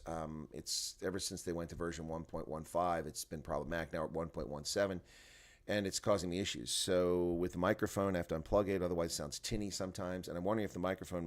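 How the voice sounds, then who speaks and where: A man's voice: sits low, fairly even intonation, fast talker. A man hosting an early-morning rugby live stream from home, rambling to his chat viewers and sounding tired and groggy at his desk microphone. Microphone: desk microphone, volume turned up.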